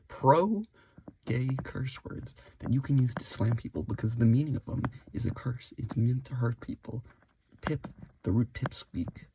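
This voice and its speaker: A man giving a mock-serious comedic rant to camera, switching between hushed whispers and loud outbursts. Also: medium pitch, creaky, a little hiss or hum. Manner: spells out words letter by letter. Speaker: video creator. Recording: dull lo-fi recording.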